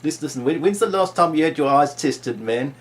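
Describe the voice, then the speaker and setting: A man's voice: on the high side, expressive, fairly quick, pitched above the performer's own voice, natural voice. A man putting on a South African accent to play a bossy male optician scolding a patient.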